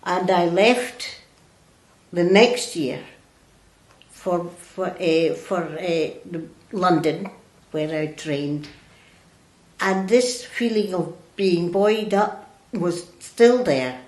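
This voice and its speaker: An older woman who is a religious sister tells her own story slowly and reflectively, with hesitations and restarts. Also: lowish voice, darkish tone. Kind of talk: reflective personal storytelling in an interview. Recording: roomy echo.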